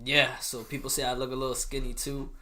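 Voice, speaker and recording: Bright, rambling podcast co-host man. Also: medium pitch, brisk. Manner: energetic, rambling, trails off softly. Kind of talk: casual chat.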